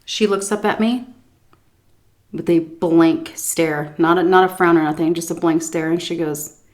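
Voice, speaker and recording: A woman vlogger in casual storytime chat, animated, laughing often and acting out what people said. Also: fairly low pitch, unhurried. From United States.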